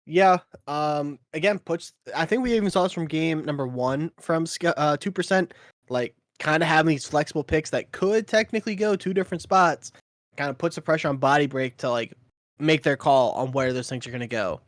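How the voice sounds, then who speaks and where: A man casting an esports match, easygoing, laughing often and filling pauses with ums. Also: on the high side, no echo, clean studio sound. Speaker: esports caster. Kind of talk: play-by-play commentary.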